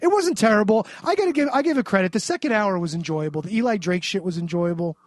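A man's voice: high-pitched, lively intonation, fast, dry recording. A man recapping a wrestling show on a podcast in a sarcastic, ranting way with lots of swearing. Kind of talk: casual profane recap.

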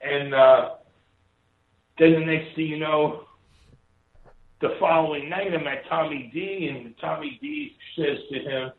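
A man from Hawaii, a former wrestler, telling stories in a rambling, casual way and swearing freely. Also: mid-range voice. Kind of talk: casual storytelling. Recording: echoey, tinny phone-like sound.

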